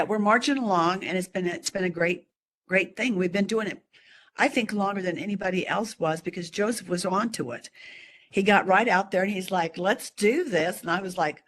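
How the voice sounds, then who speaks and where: A woman's voice: on the low side, a little hiss or hum. A woman who leads a community language study group, speaking in a friendly, chatty way on a video call. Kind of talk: casual chat on a video call.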